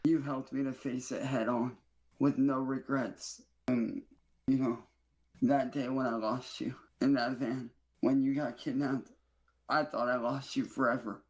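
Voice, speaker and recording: A man's voice: mid-range voice, little pitch movement, unhurried. A man recording his own video messages, alternating boastful wrestling-style bravado with teary declarations of love. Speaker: online streamer. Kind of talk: self-recorded video monologue.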